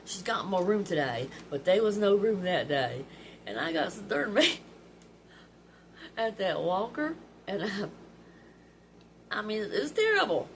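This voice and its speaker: A middle-aged vlog host tells personal stories to her viewers in a chatty, emotional way, often laughing through tears. Her mid-range voice is very animated but slow, with long pauses. The recording is rough, with background noise.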